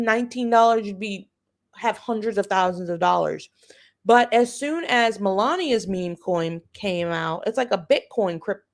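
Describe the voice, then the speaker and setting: A woman with a fairly high voice rants on a livestream, blunt and sarcastic. She swears freely and repeats her points over and over for emphasis. Her commentary is informal and heated. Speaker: livestream host. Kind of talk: ranting political commentary.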